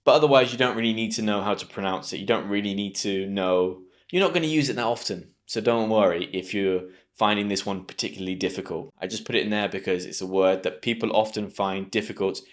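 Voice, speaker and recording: Low-voiced British man teaching pronunciation. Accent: British English. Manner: clear, patient, slows to drill sounds. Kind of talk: online pronunciation lesson.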